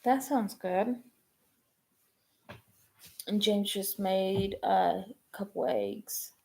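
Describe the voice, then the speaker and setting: A woman, chatting casually on a live stream, rambling and halting with many ums and restarts. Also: mid-range voice, creaky, darkish tone. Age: 20s.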